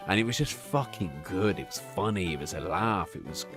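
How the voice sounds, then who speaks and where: A man's voice: deep voice, lively intonation, normal speed, music in the background. A man in his thirties chatting casually on a live stream, telling a candid, profane, rambling story full of restarts.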